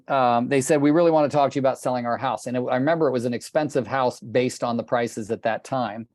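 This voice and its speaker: A man's voice: medium pitch, a little mellow, dry recording. An older man leads a coaching call, telling his stories with blunt passion and the odd curse word. His voice sits in the middle range and the sound is dry and close, with no room around it. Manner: blunt, passionate, swears casually. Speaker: real estate coach. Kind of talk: group coaching call, storytelling. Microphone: video call.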